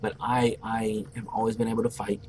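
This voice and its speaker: Brash young guy, casual gaming commentary, swears freely, lively storyteller, light hiss behind. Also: on the low side, a little fast. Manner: brash, profane, boastful storyteller. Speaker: gameplay commentator. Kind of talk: casual let's play storytelling.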